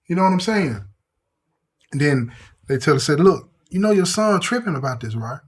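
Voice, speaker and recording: Animated storytelling man with speech. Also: on the high side, fast. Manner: animated, acts out quotes with shifting voice. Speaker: storyteller host. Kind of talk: casual prison storytelling.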